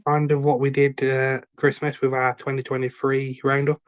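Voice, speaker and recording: A man's voice: medium pitch, moderate pace, smooth, dry recording, lo-fi sound. A man with a West Midlands accent co-hosting a podcast, telling an anecdote in casual chat and acting out the people in it, laughing often. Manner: animated storyteller acting out quoted dialogue, laughs often. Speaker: podcast co-host.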